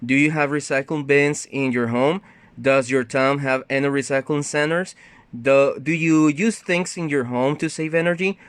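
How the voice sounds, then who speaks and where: A man's voice: a little high, fairly even intonation, normal speed, clean tone, no echo. Dry-sounding male English teacher. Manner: explains step by step, often adds a questioning "no?"; reads textbook dialogues aloud with livelier intonation. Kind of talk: recorded online lesson.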